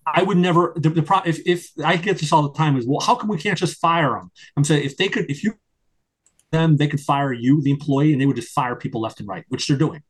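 Husky-voiced older man, rambling guest. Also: quick pace. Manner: rambling with many restarts, rising in pitch when worked up. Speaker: guest, retired FBI agent and attorney. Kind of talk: conversational interview.

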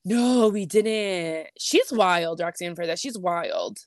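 A young woman co-hosting a podcast, chatting casually and chiming in with quick agreement. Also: on the low side, no room sound, clean studio sound. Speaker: podcast co-host. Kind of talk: casual recap chat.

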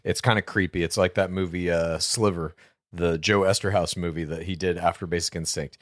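Low-voiced man, deadpan podcast co-host, dry close sound, casual swearing. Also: brisk, no room sound. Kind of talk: casual comedic brainstorming chat.

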